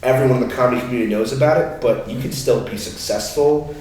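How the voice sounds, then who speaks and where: A man's voice: medium pitch, fast, a little mellow. A young man chatting casually on a podcast, rambling through stories and slipping into put-on voices for the people in them. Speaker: podcast co-host. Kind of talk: casual chat. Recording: echoey room, mic at a distance, faint hiss.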